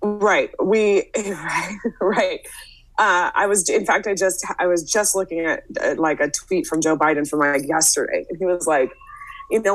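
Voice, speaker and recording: A woman hosting a casual podcast conversation, speaking in a brisk, opinionated way with frequent "um" fillers. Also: lowish voice, low-quality recording.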